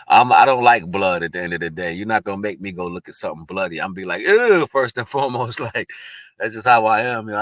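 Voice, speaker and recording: A man with a very low voice talks to the camera in a loose, unscripted monologue. He sounds earnest and reflective, and his sentences often stall and restart. The recording is dry and close, with no room sound. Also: fairly bright tone, no echo. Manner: rambling, earnest, spiritual, with frequent restarts. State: tearful at moments. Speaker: vlogger sharing personal reflections. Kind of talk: casual spoken monologue.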